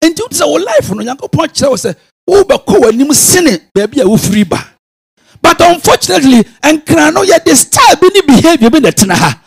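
A man with a Ghanaian accent preaching a sermon, swinging from quiet musing to sudden shouted bursts. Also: very high-pitched, very animated, fairly quick, gravelly, faint music behind. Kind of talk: sermon mixing Twi and English.

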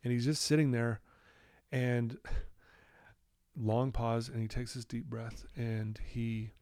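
A man telling a personal story as a podcast guest, candid and animated. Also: medium pitch, takes it slowly, dry recording, clean studio sound. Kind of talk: storytelling in a casual interview.

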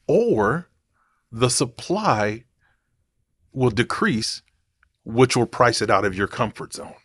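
A man's voice: medium pitch, a bit bright, breathy edge, dry recording. A man talking casually to camera in a rambling, digressive way, thinking aloud as he goes. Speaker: vlogger.

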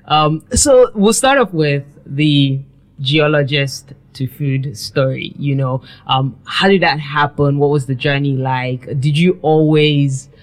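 A woman's voice: low-pitched, slow. Effusive woman interview host. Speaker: podcast host. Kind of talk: interview hosting.

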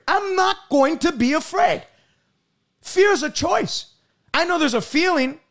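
A man preaching a fervent broadcast sermon, repeating words and breaking into bursts of shouting. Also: extremely high pitch, animated, a little slow.

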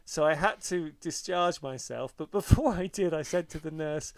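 A man's voice: a little high, moderate pace, hardly any pauses, dry recording. A middle-aged man, a podcast co-host, telling stories in a wry, self-mocking way and swearing freely in casual chat.

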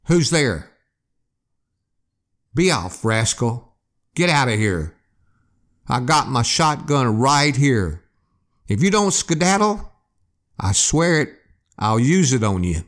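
A man voicing an angry, stubborn man who yells threats while waving a shotgun. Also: mid-range voice, very animated, slow, long pauses. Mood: threatening. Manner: yelling, threatening.

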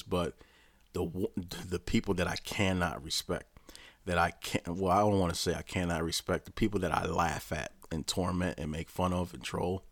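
A man's voice: low-pitched, dry recording, studio quality. A man ranting casually in a rambling, profane way, often restarting his sentences. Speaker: vlogger. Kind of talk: casual rant to camera.

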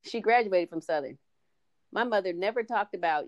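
A woman's voice: on the low side, expressive, moderate pace, dry recording. A middle-aged woman, a podcast guest, telling stories in a casual chat and acting out the lines of people she quotes. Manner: storytelling, acts out quoted dialogue.

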